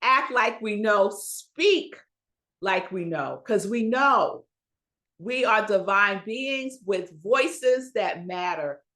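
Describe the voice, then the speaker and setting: A woman minister preaching a Sunday sermon, slow and emphatic, asking the congregation rhetorical questions and pausing for effect. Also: mid-range voice, expressive, sharp tone.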